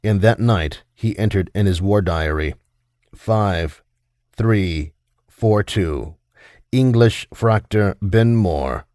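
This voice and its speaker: A man with a very low voice reads an audiobook in a measured storytelling manner, voicing the dialogue briefly. The recording is dry and close, with no room sound. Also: a little mellow, no room sound. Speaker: audiobook narrator. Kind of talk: scripted narration.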